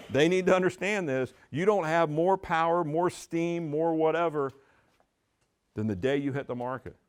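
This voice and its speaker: A middle-aged man giving a training talk to real estate agents, telling stories and acting out the dialogue. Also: on the high side. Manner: animated storytelling, acting out dialogue.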